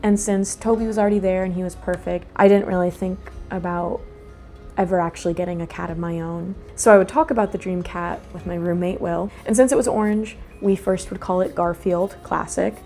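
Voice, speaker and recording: A young woman hosting a relaxed craft vlog, chatting casually and rambling into sudden asides to herself. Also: on the low side, a little fast, faint music behind. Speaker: host. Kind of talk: casual chat while doing a craft.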